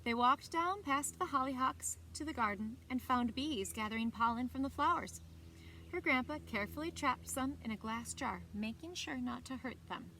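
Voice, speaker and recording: A librarian reading a picture book aloud to children, expressive and animated. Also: female voice, high voice, moderate pace, slight background noise. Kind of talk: children's story time read-aloud.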